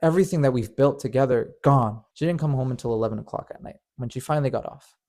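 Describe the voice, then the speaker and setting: A man's voice: medium pitch, quick pace, mellow. A man narrating a painful personal story in an earnest, emotional way, often stammering and repeating words. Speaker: storyteller and channel host.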